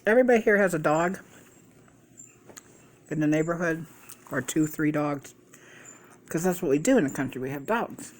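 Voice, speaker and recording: Middle-aged woman, mukbang vlogger, lowish voice, loose gossipy storytelling with cursing. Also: expressive, moderate pace, pauses often, a little hiss or hum. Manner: chatty, swears freely, gossipy asides. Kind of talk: casual rambling storytime.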